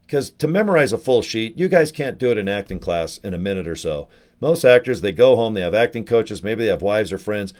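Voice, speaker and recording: A man with a fairly low voice talks straight to his viewers in a loose, rambling way. He jumps from one anecdote to the next with animated energy, now and then speeding up or dropping his voice to a mutter. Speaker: network marketer. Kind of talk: casual storytelling to camera.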